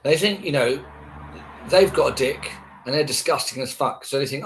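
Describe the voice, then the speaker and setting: A man's voice: medium pitch, unhurried, fairly bright tone. A man ranting casually to camera, scornful and heavily profane, repeating himself.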